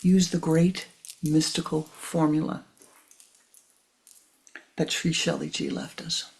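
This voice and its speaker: An older woman giving a spiritual teaching, soft-spoken and often half-whispering, repeating her points for emphasis. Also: sits low, little pitch movement, slow pace, gravelly.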